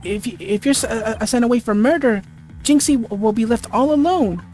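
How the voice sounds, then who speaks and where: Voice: medium pitch, fairly quick, darkish tone, soft background music, lightly acted. A reader doing a frantic young lawyer woman. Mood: urgent. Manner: urgent pleading; stammers over the lines. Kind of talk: let's play dialogue reading.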